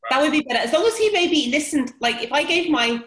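A woman talking frankly about dating, swearing freely and acting out quoted lines in lively voices. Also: high voice, quick pace, roomy sound, crowd noise, rough recording. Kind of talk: casual podcast chat.

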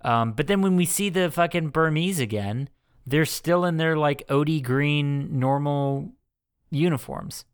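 A man's voice: on the high side, unhurried, clear, resonant tone, no room sound, clean studio sound. A man co-hosting a casual movie podcast, rambling and swearing with lots of fillers. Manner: rambling, profane, many fillers. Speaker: podcast co-host. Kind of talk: casual movie-review chat.

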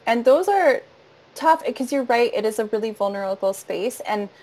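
A woman's voice: fairly high pitch, animated, moderate pace, low-quality recording. A woman talking in a casual interview about teaching voice. She speaks earnestly, often laughs, and is easy to follow. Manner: warm, earnest, laughs often, demonstrates voice registers. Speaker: voice and singing teacher, audiobook narrator.

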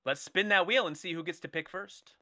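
A man's voice: sits high, a little fast, bright, forceful tone, no room sound, studio quality. A man hosting a podcast in casual chat, explaining the format of a game step by step. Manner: explains the format step by step, with small restarts and fillers. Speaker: podcast host.

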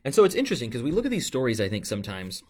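A man's voice: medium pitch, huge pitch swings, racing, a little mellow. A man preaching a sermon in a conversational way, often asking "right?" and acting out complaints in a mocking voice. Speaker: pastor.

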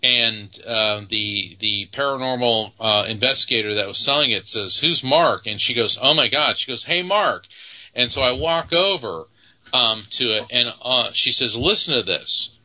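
A man's voice: mid-range voice, moderate pace, bright, forceful tone, poor audio. A man, a psychic guest from Florida, telling stories earnestly in an interview with many fillers. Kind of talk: storytelling in an interview.

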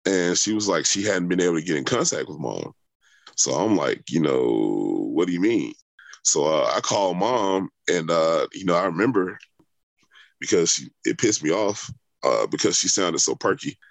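A man's voice: deep voice, expressive, moderate pace, gravelly, dry recording. A young adult man telling a long personal story in conversation, rambling with many fillers and restarts. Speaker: interviewee.

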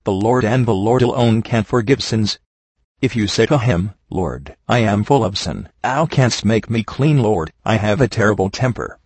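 A man reading an old sermon aloud in a steady, earnest preaching cadence. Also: fairly low pitch, normal speed, husky, dry recording. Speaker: reader of a sermon.

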